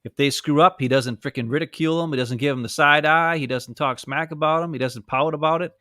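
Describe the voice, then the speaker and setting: Man co-host, sarcastic ranter, high-pitched, dry close mic. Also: fast talker, no echo. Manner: animated, sarcastic, mocks others in put-on quotes. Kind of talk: casual sports chat. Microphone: live stream mic.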